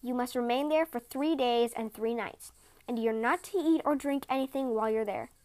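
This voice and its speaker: A woman plays a bearded old father of the heavens who scowls and roars his commands. He bellows harshly, all authority and no warmth, in a storybook read aloud. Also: on the high side, moderate pace, natural voice. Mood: stern.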